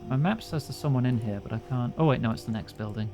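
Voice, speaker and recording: A man's voice: medium pitch, fast talker, a little mellow, faint music behind. A man casually streaming a game, reading its dialogue aloud and adding wry, joking asides.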